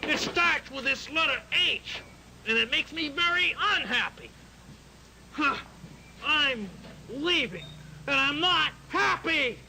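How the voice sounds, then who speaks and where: A man's voice: very high-pitched, lively intonation, takes it slowly, long pauses, bright, forceful tone, a little hiss or hum, exaggerated voice, rough recording. A man voicing a grumpy male grouch puppet who grumbles that he hates happy things. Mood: grumbling. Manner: gruff, grumbling, sour. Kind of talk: puppet show monologue.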